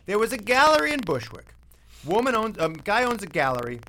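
A man's voice: sits high, huge pitch swings, fairly quick, sharp tone, low-quality recording. A man hosting a talk radio show, teasing guests and steering the segment in a joking manner.

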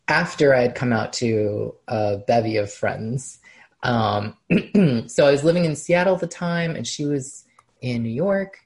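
A woman with a strikingly low voice talks as a podcast guest. She tells her story in a relaxed, reflective way, pausing often to gather her thoughts. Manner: reflective, with frequent "um" pauses and soft laughs. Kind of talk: casual conversational storytelling.

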